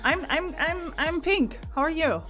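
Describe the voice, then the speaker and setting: Higher-voiced woman chatting easily, laughing often. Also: lively intonation, unhurried, fairly bright tone, faint music behind. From Portugal. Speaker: podcast co-host. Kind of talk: casual live podcast chat.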